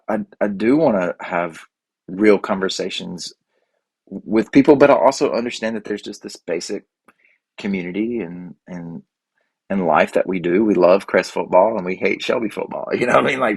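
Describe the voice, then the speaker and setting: A man hosting a solo podcast, talking in a rambling, halting way with many restarts. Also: lowish voice, gravelly, darkish tone, slightly rough, no room sound. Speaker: podcast host. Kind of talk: casual solo podcast monologue.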